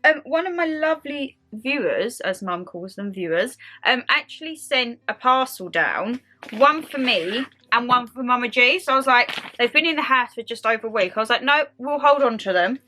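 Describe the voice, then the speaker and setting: A young woman from England vlogging at home, chatting excitedly and gushing over gifts. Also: fairly high pitch, moderate pace, few pauses. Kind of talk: casual chat.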